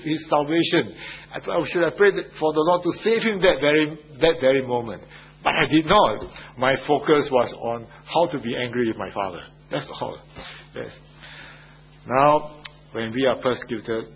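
A man's voice: medium pitch, breathy edge. A man preaching a sermon in an emphatic way, repeating his phrases and asking the listeners rhetorical questions. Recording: dull lo-fi radio broadcast with faint hum.

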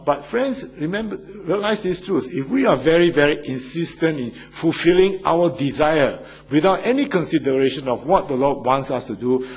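Older male pastor, husky delivery, earnest sermon style with frequent asides. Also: on the high side, low-quality recording.

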